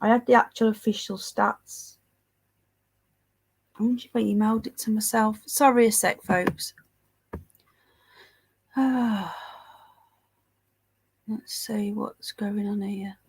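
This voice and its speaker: Brief: woman, fairly high voice, blocked-up nose from a cold, sarcastic livestream host chatting to viewers. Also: steady tone, slow pace, pauses often, slightly rough. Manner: sarcastic, scornful commentary, chatty asides to viewers. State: congested with a head cold. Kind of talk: casual livestream chat, reading headlines and live chat.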